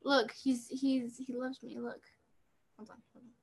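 A woman's voice: a little high, little pitch movement, unhurried, slightly rough. A woman in casual chat who is playful and giggly and coos over a pet. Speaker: vlog co-host.

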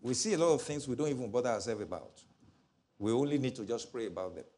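A middle-aged man preaching a sermon as pastor, animated, acting out voices from his stories. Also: medium pitch, fast talker. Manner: animated, mimics voices in stories, laughs often.

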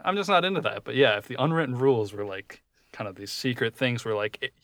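Playful man with a bright, dry voice. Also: mid-range voice, expressive, fast, no room sound. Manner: playful, acts out little scenes, drawling. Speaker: podcast co-host. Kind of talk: casual chat.

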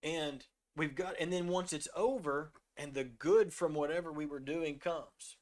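A man's voice: on the high side, steady tone, measured pace. Earnest middle-aged man telling a story. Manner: earnest, storytelling, drops to a soft voice when quoting himself. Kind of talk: faith discussion, reading scripture.

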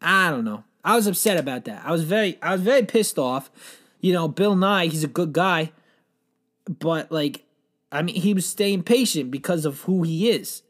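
A man telling a rambling, absurd comedy story in a deadpan way, with lots of swearing and panicked acted-out quotes. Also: on the high side, normal speed. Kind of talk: absurd improvised comedy monologue.

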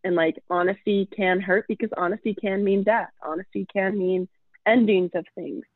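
A woman's voice: medium pitch, steady tone, moderate pace, no echo. A woman co-hosting a casual astrology chat, talking loosely with many fillers. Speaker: podcast co-host. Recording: tinny phone-like line.

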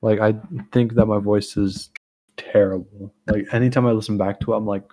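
A man's voice: lowish voice, steady tone, brisk, warm tone. A young man hosting a casual chat, rambling with lots of fillers and restarts. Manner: rambling, full of fillers and self-corrections. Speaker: host.

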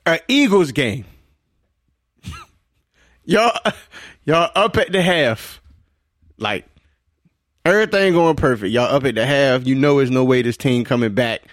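A man's voice: mid-range voice, animated, no room sound, clean studio sound. A man co-hosting a podcast in casual chat, setting up long slangy hypotheticals. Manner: storytelling, slangy, drawn-out setups.

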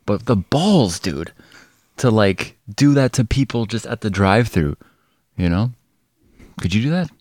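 Male podcast co-host, lower voice, rambling casual storyteller, laughs and swears, dry recording. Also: animated, measured pace, pauses often, darkish tone, no echo.

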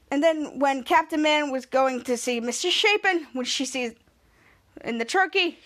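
In a high-pitched, fairly bright tone, a woman hosting a podcast walks through a TV episode in a casual recap. She rambles, runs sentences together, restarts often and quotes characters in a raised voice.

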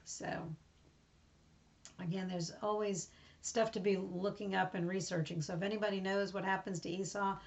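A woman's voice: mid-range voice, steady tone, normal speed, creaky. A woman hosting a podcast, recapping a Bible reading in a chatty, rambling, informal way. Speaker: podcast host. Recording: slightly muffled recording.

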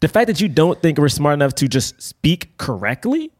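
A young man co-hosting a casual film-review podcast, talking in an emphatic, animated way with casual swearing. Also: fairly high pitch, moderate pace. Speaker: podcast co-host.

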